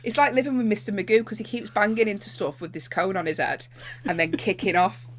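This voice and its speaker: A woman's voice: medium pitch, fast. A woman co-hosting a chat podcast, telling stories with lots of giggling. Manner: animated, giggly storyteller. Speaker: podcast co-host. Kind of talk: casual chat.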